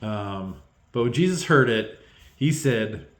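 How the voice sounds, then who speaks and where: A man giving a heartfelt, unscripted Bible devotional, halting with many pauses and restarts, close to tears. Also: mid-range voice, expressive, echoey room. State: tearful.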